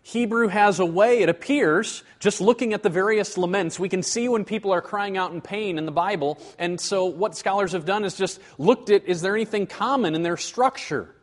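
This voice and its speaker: A man giving a teaching sermon in an earnest way, slowing and dropping low to stress a point.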